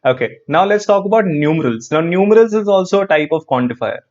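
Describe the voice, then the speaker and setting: A man with an Indian English accent teaching an online grammar class, lively and repetitive, quizzing his students as he goes. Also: on the high side, fast talker, dull audio. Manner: lively, repeats phrases, quizzes students, frequent "perfect".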